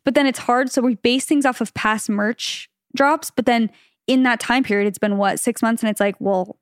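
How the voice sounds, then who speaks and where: A young woman co-hosting a podcast in casual chat, bubbly and quick, often slipping into a higher voice to quote herself and others. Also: clear, resonant tone, no room sound, studio quality. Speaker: podcast co-host.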